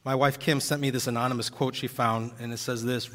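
Emotional pastor preaching in a reverberant hall. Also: male voice, mid-range voice, little pitch movement, a little fast, hardly any pauses, a bit bright. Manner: earnest, heavy-hearted preaching with swelling emphasis. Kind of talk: sermon. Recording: long reverb of a large hall.

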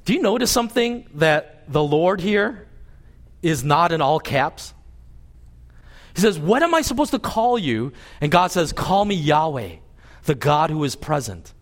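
Man, pastor, sermon, raised pitch, lively swinging intonation, storytelling. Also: measured pace. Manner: animated storytelling, voicing God and Moses with lively pitch swings. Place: church service.

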